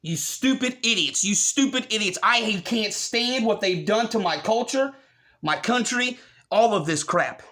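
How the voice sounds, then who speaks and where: A man delivering a furious, profane rant, often breaking into shouts. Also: high-pitched, expressive, a little slow. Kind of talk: angry rant.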